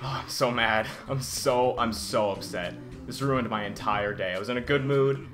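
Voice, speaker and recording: A man's voice: mid-range voice, moderate pace. A man giving let's-play commentary, easily frustrated, exclaiming and grumbling at the game as he plays. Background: game music.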